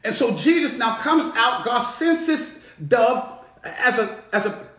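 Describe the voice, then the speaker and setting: A man preaches from the pulpit, his high voice swooping and climbing as he calls the church to respond. The sound rings around a roomy sanctuary. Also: animated, slow pace. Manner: rising, shouting preaching with call-and-response. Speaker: bishop. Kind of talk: sermon.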